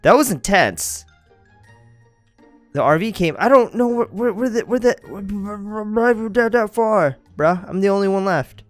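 A young man giving excitable gameplay commentary, talking straight to his viewers and yelping when something startles him. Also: high-pitched, moderate pace, dry recording, faint music behind. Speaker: gaming YouTuber.

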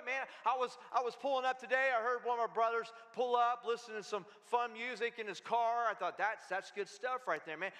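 A man's voice: very high-pitched, sharp tone, long reverb tail. A man preaching a sermon as pastor, in a casual, conversational way with asides.

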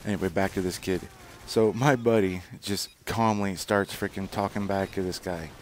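Low-voiced man rambling over gameplay. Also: fairly even intonation, normal speed, slight background noise. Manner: rambling, profane, frequent fillers and restarts. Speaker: gaming channel host. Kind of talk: casual gameplay commentary.

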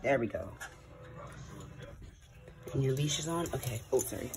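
Lady vlogger, low voice that swings up and down a lot, coaxing her dogs. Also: expressive, moderate pace, darkish tone, rough recording. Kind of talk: casual vlog chat. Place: at home, then outdoors walking dogs.

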